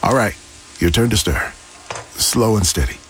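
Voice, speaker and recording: A man's voice: lowish voice, lively intonation, normal speed, fairly bright tone, a little hiss or hum. A man playing a patient father who is teaching his child to cook the family gumbo in a scripted radio ad. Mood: gentle.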